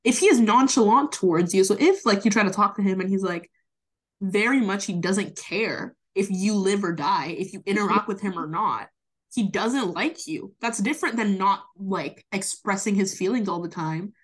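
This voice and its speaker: Woman, 20s, podcast co-host, emphatic, opinionated, gets hyped, mid pitch. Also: normal speed. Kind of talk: casual podcast chat.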